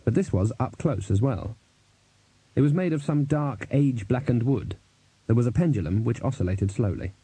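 Guy reading a novel aloud, wry and measured, dark husky voice, dead dry studio. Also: medium pitch, animated, no echo. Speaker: audiobook narrator. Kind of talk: scripted narration.

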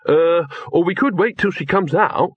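An earnest young man, as a male storybook narrator plays him, hesitant and easily flustered, stumbling nervously through his words. The tone is slightly husky and the recording dry and a bit dull. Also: high voice, normal speed, no room sound, voice pushed up.

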